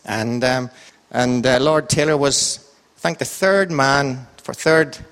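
A man's voice: mid-range voice, slow, fairly bright tone, big-room sound. An Irish man leading an informal Bible talk with a quiz, chatty and joking, with a sing-song voice that goes up and down. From Ireland. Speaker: church group leader.

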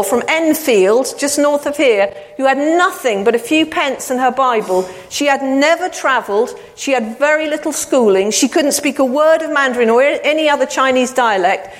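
A woman preaching a sermon, with a fairly high voice. She tells stories warmly and slows down to stress quoted lines. The sound carries a long reverb, as in a church hall. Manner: storytelling with slow emphatic quotes. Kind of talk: sermon storytelling.

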